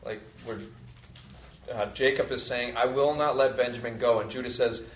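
A man's voice: medium pitch, brisk, slight background noise. Man preaching in a roomy hall. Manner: reads scripture then explains it conversationally, with fillers. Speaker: pastor. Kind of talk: sermon with scripture reading. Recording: roomy, slightly dull sound with faint ambience.

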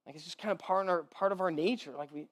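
High-voiced man preaching conversationally. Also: quick pace. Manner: informal, repeats words, checks in with "right?". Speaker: pastor. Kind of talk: conversational sermon.

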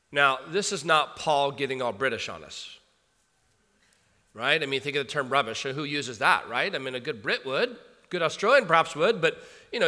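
A male pastor delivering a sermon with a high, bright voice that rises and falls in animated swings. He reads the scripture passage, then breaks it down in a loose conversational manner. His voice carries the long reverb of a large hall.

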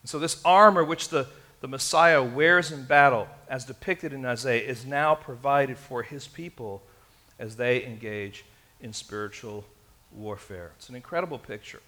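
A man's voice: mid-range voice, moderate pace, bright, forceful tone. A man preaching a sermon in an earnest way, speaking straight to his congregation. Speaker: pastor.

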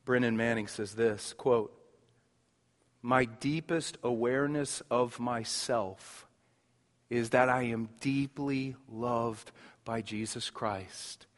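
High-voiced male pastor in a hall. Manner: swings from emphatic to soft and hushed; repeats words when building a point. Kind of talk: sermon.

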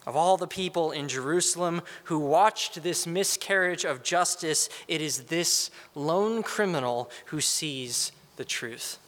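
Guy giving a good friday sermon, kinda high voice, real slow and reflective. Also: a bit bright, in a large hall. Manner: slow, earnest, reflective delivery. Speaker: preacher.

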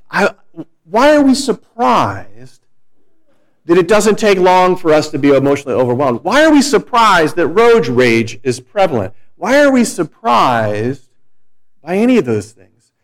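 Man, middle-aged, pastor, sermon, animated pitch, conversational with restarts. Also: a little slow.

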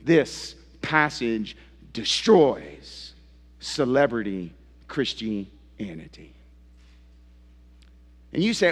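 A man's voice: mid-range voice, big pitch swings, measured pace, a bit bright, long reverb tail. A man preaching a sermon in a church as pastor, with impassioned rising and falling emphasis. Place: church sanctuary.

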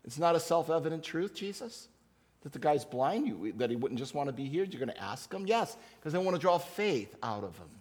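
A man preaching a conversational sermon, acting out Bible characters in quick asides. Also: a little high, big pitch swings, darkish tone. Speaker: pastor.

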